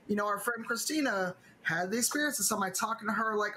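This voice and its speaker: A middle-aged woman talking on a video call as one of the panelists, her pitch sitting in an ordinary middle range. She speaks conversationally, leaning on her points with emphasis and a dry, wry edge. The tone stays casual and engaged throughout. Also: quick pace, bright, forceful tone, a little hiss or hum, poor audio.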